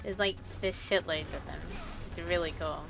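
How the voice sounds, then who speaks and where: A woman's voice: fairly low pitch, steady tone, moderate pace, vocal fry, music in the background. A woman streamer chatting casually and swearing freely while she plays a game.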